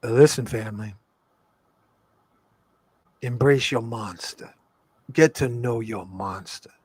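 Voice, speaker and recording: A man co-hosting a casual spiritual talk, speaking in an emphatic, slangy way that swings from soft to loud. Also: medium pitch, takes it slowly, breathy edge.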